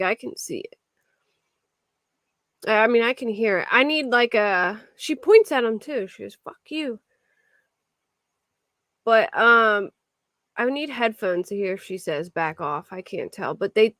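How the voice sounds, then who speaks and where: Woman rambling through a true crime chat, higher voice, lots of restarts, dry close sound. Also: lively intonation, normal speed, a bit bright, dry recording. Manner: rambling, restarts and filler words. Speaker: true crime livestream host. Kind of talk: casual chat reacting to viewer comments.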